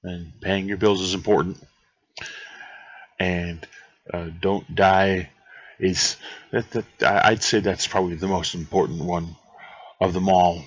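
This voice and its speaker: Deep husky gamer rambling over gameplay. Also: male voice, steady tone, a little slow, pauses often, dry recording, muffled recording. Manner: rambling and joking, with restarts. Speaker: gaming channel host. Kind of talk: let's play commentary.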